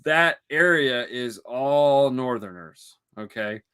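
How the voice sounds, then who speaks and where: Co-host: man from Michigan, bright animated voice, rambling and joking. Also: medium pitch, slow pace, clean tone. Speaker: podcast co-host. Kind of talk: casual chat.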